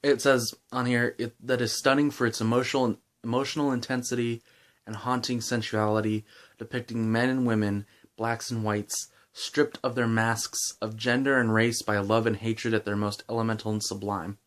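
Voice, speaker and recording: A man's voice: medium pitch, level tone, normal speed, fairly bright tone. A man giving a casual, enthusiastic book review with lots of fillers and restarts while chewing gum.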